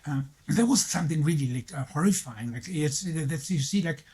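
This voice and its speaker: Man, interviewer, husky voice, hesitant, many fillers. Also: fairly high pitch, animated, darkish tone. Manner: halting, heavy use of "like". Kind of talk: casual conversation.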